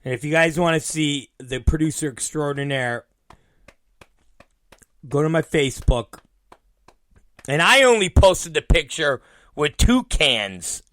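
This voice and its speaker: A middle-aged man hosting his own podcast launches into a rambling, profane story, a casual storytelling monologue that makes him laugh at himself. His voice is medium-pitched and slightly bright, recorded with clean, dry studio sound.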